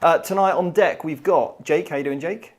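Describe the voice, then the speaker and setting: A man's voice: a little high, moderate pace. A man hosting a livestream and chatting casually with upbeat banter. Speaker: host and player.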